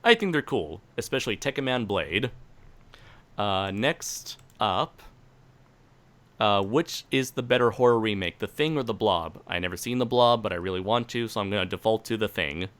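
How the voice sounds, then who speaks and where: A man hosts a casual podcast, reading out listener questions and tossing off quick, jokey answers. His voice is lowish but bright and forceful, with a crisp edge. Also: animated. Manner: jokey, reads questions then answers briskly. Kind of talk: casual chat.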